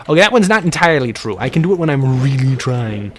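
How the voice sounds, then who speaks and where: A man's voice: mid-range voice, expressive, quick pace, few pauses, fairly bright tone, a little hiss or hum. A man streaming a game, chatting casually and playfully with his viewers in a rambling way.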